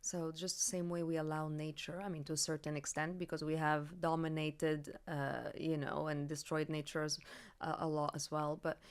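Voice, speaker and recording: Earnest, expressive woman podcast host. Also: low voice, normal speed, clear, resonant tone. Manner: earnest, expressive, animated when making a point. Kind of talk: reflective conversational talk.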